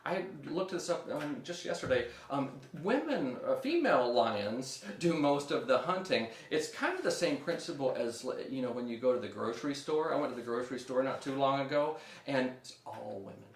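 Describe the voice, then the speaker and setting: A man's voice: medium pitch, lively intonation, normal speed, slight background noise. A young man teaching a music lesson for children, upbeat and leading the kids in call-and-response. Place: room at home. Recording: echoey room.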